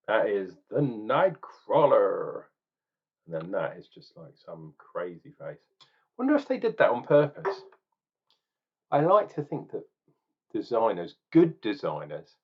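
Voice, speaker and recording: Man, beer tasting vlog, lively intonation, chatty, hesitant, muffled lo-fi recording. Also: fairly low pitch, slightly rough. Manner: chatty, thinking aloud with ums and restarts. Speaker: beer reviewer.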